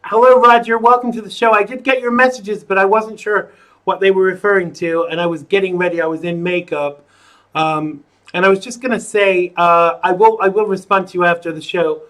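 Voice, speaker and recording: A man's voice: high-pitched, fairly even intonation, a little fast, a bit bright. A man hosting a live online talk show, rambling and joking with viewers between chatty asides. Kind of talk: casual livestream chat.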